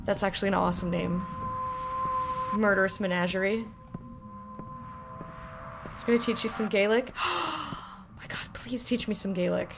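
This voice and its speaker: A woman's voice: medium pitch, measured pace, gravelly, pauses often, over music. A woman playing a game and commenting in a chatty, joking, self-mocking way. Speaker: streamer. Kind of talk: gameplay commentary.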